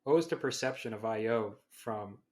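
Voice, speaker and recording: A young man co-hosts a podcast with a somewhat low voice. He asks questions casually and with curiosity. He often restarts mid-sentence as he finds his words. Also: moderate pace, a little mellow. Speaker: podcast co-host, graduate student. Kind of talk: casual interview conversation.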